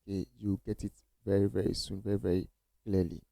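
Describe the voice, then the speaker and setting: Low, mellow-voiced man teaching code. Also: flat delivery, brisk, gravelly, no room sound, poor audio. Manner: repeats phrases, encouraging, many okays. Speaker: coding tutor. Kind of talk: casual screen-share tutorial.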